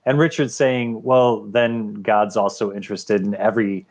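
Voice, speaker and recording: A man's voice: fairly low pitch, fairly even intonation, normal speed, a little mellow. A man in a casual debate, explaining his point loosely with fillers like um and you know.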